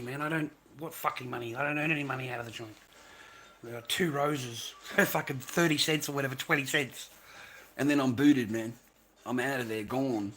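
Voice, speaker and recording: Male streamer, bright edgy voice, profane heated rant to camera. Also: medium pitch. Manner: profane, heated ranting with repetition. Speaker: livestream host. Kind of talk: ranting live stream monologue.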